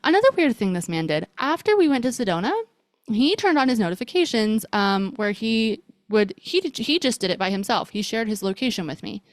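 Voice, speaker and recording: A woman's voice: medium pitch, expressive, brisk, dry recording. A woman hosting a podcast, telling a personal story in a casual, rambling way full of fillers. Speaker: podcast host.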